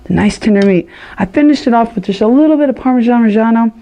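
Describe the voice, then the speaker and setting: A woman hosts a home cooking show, chatting enthusiastically to viewers as she cooks in a casual demonstration. Her voice is a little high and mellow, and she talks fast.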